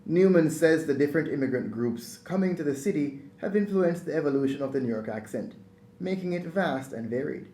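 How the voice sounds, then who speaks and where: Man narrating a news feature, dark tone. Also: a little high, animated, a little fast, roomy sound.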